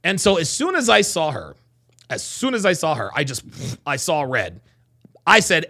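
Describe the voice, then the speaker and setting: A man hosting a casual livestream, reading chat and telling profane, animated stories. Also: on the high side, normal speed, pauses often.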